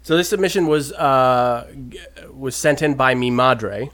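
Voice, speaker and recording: A man co-hosting a casual talk show, telling an odd news story with animated delivery. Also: mid-range voice, measured pace. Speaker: podcast co-host. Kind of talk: casual chat, reading news stories.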